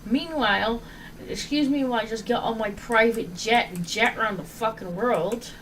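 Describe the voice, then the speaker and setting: A woman's voice: fairly high pitch, normal speed, a bit bright, recorded from a distance, slight background noise, rough recording. A woman hosting a casual gaming chat, ranting in exasperation and swearing freely. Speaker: podcast host.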